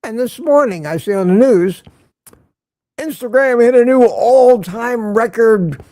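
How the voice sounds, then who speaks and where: A man's voice: very high voice, animated, unhurried, warm tone, no echo. An older man hosting a casual morning livestream, greeting viewers by name and rambling sarcastically. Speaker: livestream host.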